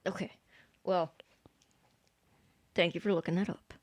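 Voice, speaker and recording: A woman co-hosting a horror podcast, casually retelling a film's plot and slipping into quick quoted voices. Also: lowish voice, steady tone, a little mellow, dry recording. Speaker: podcast co-host. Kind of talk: casual chat recapping a horror film.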